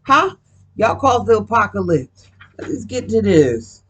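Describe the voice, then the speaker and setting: A woman's voice: mid-range voice, very animated, unhurried, breathy edge. A woman doing a casual card reading at home, talking in a profane, emphatic, rambling way. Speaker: card reader.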